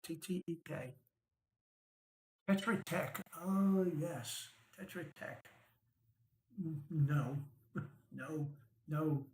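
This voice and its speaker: A man with a fairly high voice hosts a stock market show, drawing out his words and pausing often as he walks through charts casually. He keeps checking in with "right?" and "okay?" and lets out wry chuckles. The room is echoey and the recording rough.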